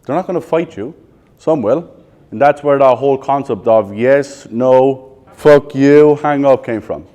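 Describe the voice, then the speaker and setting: A man's voice: medium pitch, darkish tone. An Irish man in his thirties leading a live sales training, firing questions at the room and answering bluntly, with some swearing. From Ireland. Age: 30s. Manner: quizzes the audience with rapid questions, blunt and profane.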